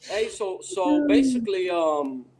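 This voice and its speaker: A man telling a long story in a casual podcast chat, rambling and animated with many restarts. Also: high voice, measured pace, crowd noise, rough recording. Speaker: podcast guest.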